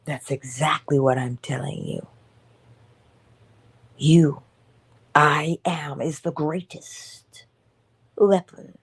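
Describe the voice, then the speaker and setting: Woman giving a slow motivational pep talk, kinda preachy, warm low voice. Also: slightly rough. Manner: emphatic, preacherly, drops to whispers. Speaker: motivational speaker. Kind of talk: inspirational morning talk.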